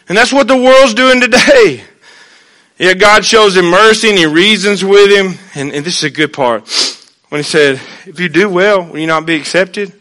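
High, bright-voiced preaching man. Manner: animated preaching, swings between hushed and loud. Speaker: pastor. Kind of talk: sermon. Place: church.

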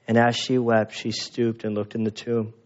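A man preaching a sermon in a lively, animated way, acting out the voices of people in the story. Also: mid-range voice, moderate pace, muffled recording. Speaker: pastor.

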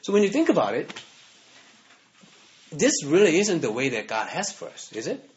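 A male pastor delivering a relaxed, conversational sermon, often tagging his points with a questioning "right?". His voice sits a bit high for a man. The recording is dull and lo-fi. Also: moderate pace. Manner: conversational, keeps asking "right?". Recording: dull lo-fi sound.

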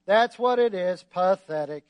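A man's voice: high-pitched, animated, no room sound, muffled recording, voice pushed down. Eeyore, a glum donkey, as a man puts him on. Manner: glum, slow, self-pitying. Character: gloomy old male donkey.

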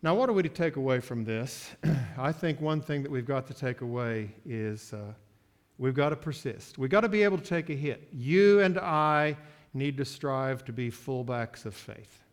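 A man preaching a sermon, moving from quiet asides to loud, drawn-out declarations. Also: mid-range voice, expressive. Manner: slow, emphatic preaching with sports metaphors; swings from soft asides to loud, stretched-out declarations. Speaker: pastor.

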